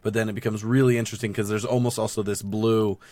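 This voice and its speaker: A man with a fairly low voice, calmly describing what he noticed in a show. The recording is dry and close. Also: fast talker, no room sound. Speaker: podcast co-host. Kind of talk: casual chat.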